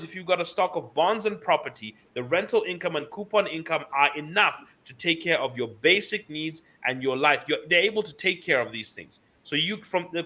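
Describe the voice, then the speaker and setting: A man lectures listeners on money with insistent emphasis, hammering home single words. His voice is sharp and forceful, pitched a little high for a man. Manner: emphatic, lecturing, repeats key words for stress. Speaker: financial commentator. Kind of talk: radio financial advice talk.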